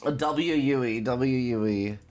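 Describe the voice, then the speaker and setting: A woman's voice: very deep voice, measured pace, faint music behind. A woman streaming a game, chatting casually and giggling with her chat. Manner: giggly, animated, talks to chat.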